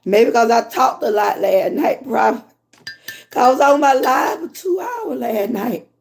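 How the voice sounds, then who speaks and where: A hoarse woman from Georgia with a Southern accent, chatting casually with her livestream viewers and reading their comments. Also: a little high, expressive. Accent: Southern American. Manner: chatty, drawn-out, talks to viewers as y'all. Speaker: livestream host.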